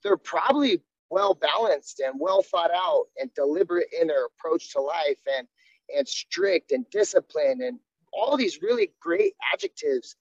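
A man's voice: high voice, big pitch swings, measured pace, creaky, dry recording. A man, a jiu-jitsu coach, talking candidly and earnestly in a casual interview, often restarting his sentences. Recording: dull, dry sound.

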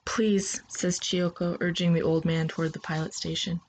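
A woman narrating a sci-fi story in the second person, in a calm, steady storytelling manner. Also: fairly low pitch, a little fast, slight background noise.

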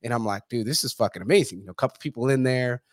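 A man's voice: mid-range voice, rapid-fire, dry recording, clean studio sound. A man hosting a podcast in casual chat, blunt, swearing freely and saying "bro" and "dude". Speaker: podcast host.

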